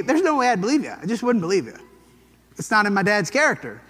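A man teaching a Bible lesson in a relaxed, conversational way, telling the story and briefly acting out the quotes. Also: sits high, fairly quick, in a large hall.

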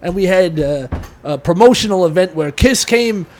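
A man in casual chat, excitedly telling profane local anecdotes with laughs. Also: high voice, normal speed.

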